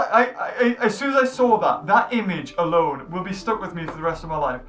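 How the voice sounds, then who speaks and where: A man hosting a casual movie review chat, excitable and tripping over his words. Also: high-pitched, fairly quick, few pauses, soft background music. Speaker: channel host. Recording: echoey room, mic at a distance.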